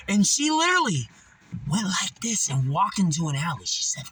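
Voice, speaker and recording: A man tells stories in loose, casual talk, swearing freely and laughing at his own tales. His voice is bright and fairly high. His pitch jumps around a lot. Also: big pitch swings, brisk, breathy edge, no echo. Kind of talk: casual storytelling monologue.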